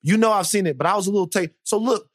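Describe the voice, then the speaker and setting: Animated man on a dry studio mic. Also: high-pitched, rapid-fire, dry recording. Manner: animated storyteller, teasing, acts out quotes. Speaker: podcast co-host. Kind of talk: casual chat.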